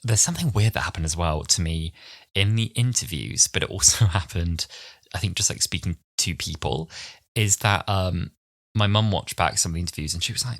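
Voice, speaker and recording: A man's voice: low-pitched, fairly quick, no room sound. A man in his twenties from London, co-hosting a podcast in casual chat and acting out the people in his stories. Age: 20s. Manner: animated storyteller, acts out quotes. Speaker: podcast co-host.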